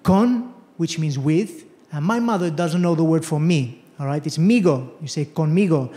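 A man's voice: on the high side, normal speed, mellow. A man performing a stand-up comedy set, telling a story animatedly and acting out the voices of the people in it. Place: comedy venue with audience laughter. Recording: roomy hall echo.

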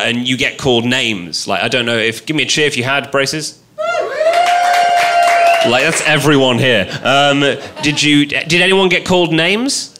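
A young British man performing a self-deprecating stand-up comedy set, telling stories in a dry, deadpan way before a live audience. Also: mid-range voice. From Britain.

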